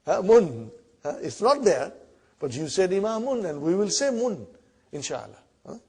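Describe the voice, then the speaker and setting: A man teaching a classroom Arabic lesson in English, repeating words slowly and checking in with the students as he goes. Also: sits high, big pitch swings, darkish tone, slightly rough. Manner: repeats words slowly, often asks "huh?" and "brother".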